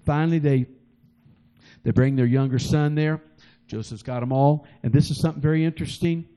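A man's voice: fairly high pitch, brisk, warm tone, clean tone, low-quality recording. A middle-aged man preaching a sermon, retelling a story with emotional, rising and falling delivery and frequent repetitions.

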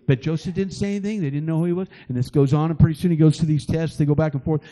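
A man's voice: fairly high pitch, fairly even intonation, rapid-fire, hardly any pauses, dark tone, rough recording. A middle-aged man preaching a sermon, retelling a story with emotional, rising and falling delivery and frequent repetitions.

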